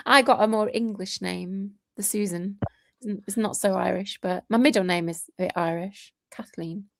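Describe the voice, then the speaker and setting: A woman's voice: mid-range voice, a little slow, creaky, no room sound, clean studio sound. A woman co-hosting a casual livestream chat over a video call, with an authoritative, teacher-like way of talking and frequent laughter. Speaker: livestream co-host reading chat.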